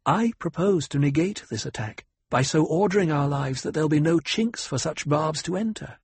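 An icy, sharp-tongued noblewoman, as a male reader puts her on, talking down with a raised, airy pitch. Her words come measured and calm, lecturing and probing. The voice is very breathy, recorded close and dry in an audiobook. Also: dry recording. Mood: cold, probing. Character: cool, cutting noblewoman, a duke's consort. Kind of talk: audiobook character voice.

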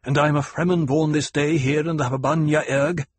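A man reading aloud voices an earnest, resolute young man who speaks with proud intensity in a husky voice. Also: fairly high pitch, fairly even intonation, a little fast, dry recording, voice pushed up.

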